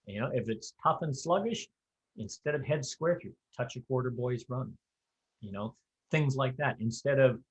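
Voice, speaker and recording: A man's voice: medium pitch, poor audio. A man giving a conversational, practical lesson on square dance calling, with folksy asides and offhand humor. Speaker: square dance caller teaching callers. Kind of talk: instructional talk.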